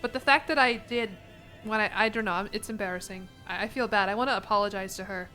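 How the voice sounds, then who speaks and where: A young American woman chatting casually on a stream, animated and quick to laugh as she answers her chat. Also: mid-range voice, faint music behind. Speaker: vtuber streamer.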